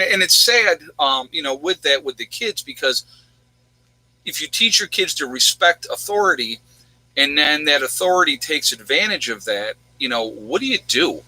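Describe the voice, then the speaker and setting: Man with a sharp, bright voice. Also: mid-range voice, low-quality recording. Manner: rambling, chatty, answers viewers' questions. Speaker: livestream host. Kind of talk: casual livestream chat.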